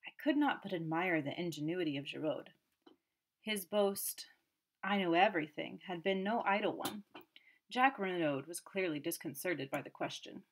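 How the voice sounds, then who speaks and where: A woman narrating an audiobook in a steady, measured way. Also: fairly low pitch.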